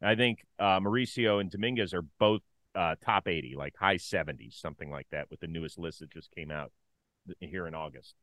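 A man co-hosting a baseball talk show, chatting casually, swinging from loud jokes to mumbled asides. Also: low-pitched, fairly quick, dry recording.

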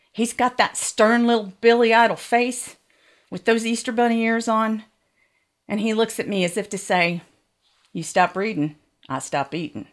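A woman's voice: on the high side, a bit bright. A woman frankly telling a bawdy, comic first-person story.

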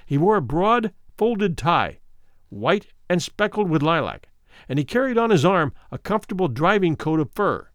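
A man narrating a classic story aloud in a measured, expressive way. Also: sits high, no echo, studio quality.

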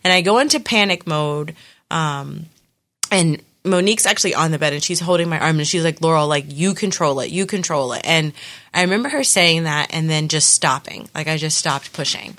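Animated young woman telling a story. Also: sits low, moderate pace. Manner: animated storytelling with many fillers. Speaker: podcast guest telling her birth story. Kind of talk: casual chat.

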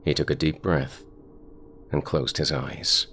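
A man reading scripted horror narration in a slow, brooding storytelling manner. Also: a bass voice, steady tone, a bit bright.

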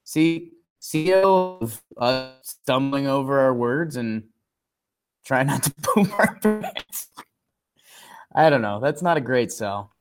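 A man co-hosting a casual sports podcast, rambling and self-deprecating, turning animated when he recaps the game. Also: mid-range voice, slow pace, music in the background. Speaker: podcast co-host.

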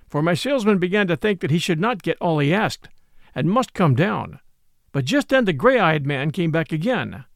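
Expressive gravelly male storyteller. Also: sits high, dry recording, studio quality. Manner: expressive reading, voices all parts. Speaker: narrator. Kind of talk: storybook narration.

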